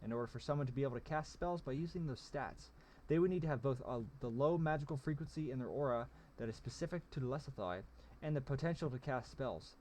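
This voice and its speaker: A man's voice: mid-range voice, fast, few pauses, a little mellow, slight background noise, close to an everyday voice. A man voicing a shrewd, calculating male goblin general who explains things at length. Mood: scheming.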